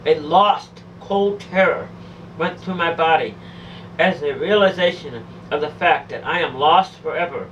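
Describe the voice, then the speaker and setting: A woman's voice: low voice, a little slow, recorded from a distance, highs cut off, slight background noise. A woman telling a first-person testimony of a near-death experience, pleading, emotional and repetitive.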